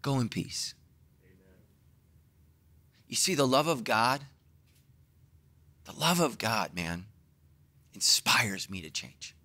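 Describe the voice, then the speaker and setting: A middle-aged man preaching a sermon as a pastor, telling the story with acted-out dialogue and sudden swings between loud and hushed. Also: slow, long pauses. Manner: animated storytelling, acting out dialogue with big pitch swings.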